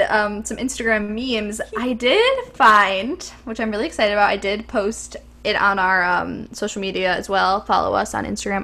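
A woman's voice: mid-range voice, a bit bright. A young woman co-hosting a podcast, chatting casually and enthusiastically with frequent ums. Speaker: podcast co-host. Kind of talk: casual chat.

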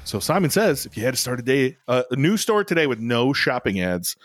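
A man's voice: medium pitch, big pitch swings, fairly quick, dry recording. A man co-hosting a podcast in casual, rambling chat, speaking close to the mic. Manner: rambling, chatty, restarts a lot. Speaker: podcast co-host.

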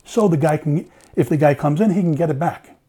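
A man's voice: on the high side, a little fast, dark tone, slightly rough. A middle-aged man, a former police officer, telling a story in casual conversation, acting out the dialogue and swearing freely.

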